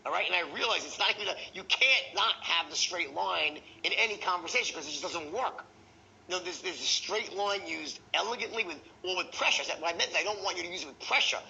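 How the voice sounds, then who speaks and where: A man teaching a sales training session, animated and profane, acting out the tones of voice he teaches. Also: high voice, quick pace, gravelly, muffled recording, slight background noise.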